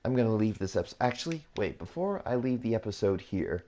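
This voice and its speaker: Low, mellow-voiced man rambling through a tutorial. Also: very animated, fast. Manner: rambling, repetitive, self-correcting. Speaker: YouTuber hosting a gaming channel. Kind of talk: casual build tutorial commentary.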